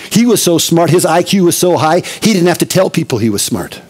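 A man's voice: on the high side, sing-song, fairly quick, darkish tone. A middle-aged male pastor preaching a conversational expository sermon, with emphatic repetition.

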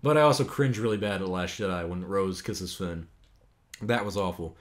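A young man hosting a casual podcast, answering viewer questions in an animated, rambling way, laughing and swearing. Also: low-pitched, moderate pace. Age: young adult. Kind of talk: casual chat.

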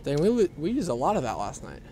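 A man's voice: a little high, huge pitch swings, fast talker. A young man vlogging casually outdoors at a dirt racetrack, talking into a handheld camera in a laid-back way with lots of fillers. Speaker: vlogger and off-road racer. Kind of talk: casual vlog narration. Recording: loud outdoor engine noise.

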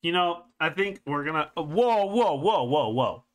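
A young man hosting a joking comedic commentary video, playful and jokey, often jumping into high squealing exclamations. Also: animated, measured pace. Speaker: streamer and video host.

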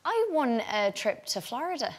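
A woman's voice: on the high side, sing-song, normal speed, very noisy. Chatty young Irish woman telling a story. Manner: chatty, many likes and restarts. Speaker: talk show guest. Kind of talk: casual chat anecdote. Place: TV studio with audience.

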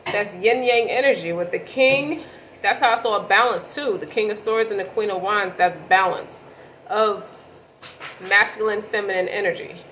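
A woman's voice: mid-range voice, normal speed, fairly bright tone, slight background noise, rough recording. A woman giving a casual tarot reading to camera, rambling and slangy, often stopping to correct herself. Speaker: tarot reader.

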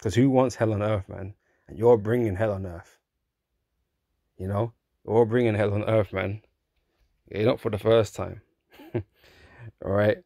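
A man with a low, gravelly voice delivers an informal sermon, speaking as if chatting to a friend and tagging his points with "right?" and "man". He chuckles as he goes and slips into mocking voices. The sound is dry and close, with no room echo. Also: fairly even intonation, a little slow, pauses often, warm tone. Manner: conversational, keeps asking "right?" and saying "man". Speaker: religious commentator. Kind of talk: informal preaching monologue.

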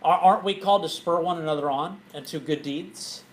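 Animated pastor, a man teaching scripture. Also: a little high, fairly quick, low-quality recording. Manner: animated, laughing, asking the group questions. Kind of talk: Bible study teaching.

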